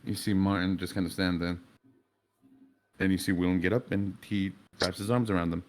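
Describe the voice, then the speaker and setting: A man's voice: deep voice, fairly even intonation, fairly quick, a little mellow. A man narrating as game master in a tabletop game, casual and descriptive.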